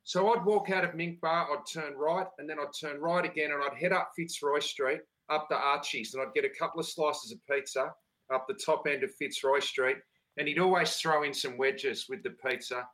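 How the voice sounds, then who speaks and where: An Australian man talks in a bright, clear voice. He tells relaxed, enthusiastic stories in casual podcast chat. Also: fairly high pitch, moderate pace, rough recording. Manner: storytelling, enthusiastic, laid-back. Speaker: podcast host.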